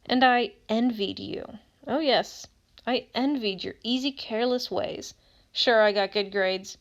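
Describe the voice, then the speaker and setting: A woman reading as a quiet, overlooked teenage boy who speaks in a reflective, wistful way, in an audiobook. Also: mid-range voice, lightly acted.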